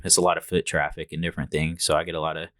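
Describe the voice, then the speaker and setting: A young man, a small business owner, guesting on a podcast and talking calmly with many filler words. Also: extremely low pitch, rapid-fire, dry recording, clean studio sound. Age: young adult. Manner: calm, plain-spoken, many ums and likes. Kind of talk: casual interview.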